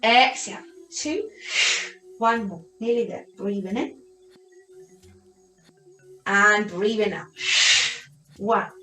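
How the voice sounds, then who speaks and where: A woman leading a yogilates class, calmly cueing breathing and counting repetitions. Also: medium pitch, takes it slowly, pauses often. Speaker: yoga and pilates instructor. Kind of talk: guided exercise class instruction. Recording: echoey room with soft music.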